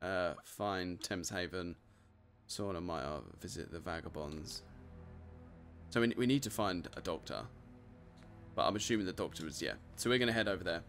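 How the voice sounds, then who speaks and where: A man with a British accent giving excitable, laughing commentary while playing a video game. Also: deep voice, moderate pace, faint music behind. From United Kingdom. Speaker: gamer, channel host. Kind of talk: casual let's-play commentary.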